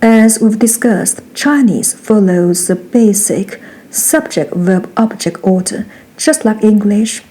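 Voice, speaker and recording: A woman giving a scripted grammar lesson, reading each example sentence twice, slowly and precisely. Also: medium pitch, expressive, mellow, low-quality recording. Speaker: Mandarin teacher.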